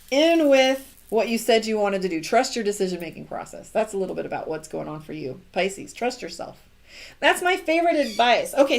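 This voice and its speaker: A middle-aged woman giving a casual live tarot reading, chatty and encouraging. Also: fairly high pitch. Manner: chatty and encouraging, acts out quoted lines. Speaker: tarot reader.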